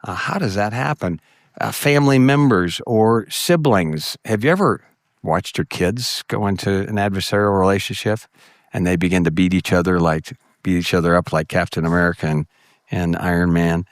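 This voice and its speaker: A man's voice: normal speed, dry recording, clean studio sound. A middle-aged man giving a conference talk to ministry workers, telling stories and acting out the voices of people he quotes. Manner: storytelling, acts out quoted voices with jumps in pitch. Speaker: conference speaker.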